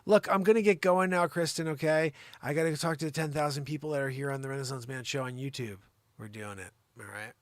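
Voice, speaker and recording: This fast-talking man hosts an improvised live comedy show, poking fun at his co-host in mock exasperation. He veers between loud outbursts and low mutters, and the audio has no room sound.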